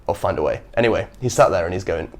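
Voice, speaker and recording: A young man hosting a podcast, telling stories in a casual, animated way and acting out the people he quotes. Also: low voice, fast talker, slight background noise. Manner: animated storyteller who acts out quotes. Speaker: podcast host. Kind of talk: casual chat.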